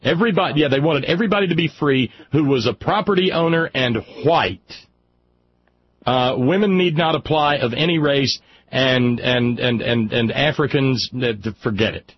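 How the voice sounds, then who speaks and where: Male radio host, heated and halting, mid pitch, slightly muffled broadcast audio with light hiss. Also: husky, no room sound. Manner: stammering, restarts often, heated. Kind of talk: casual political talk radio chat. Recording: slightly dull radio audio with faint noise.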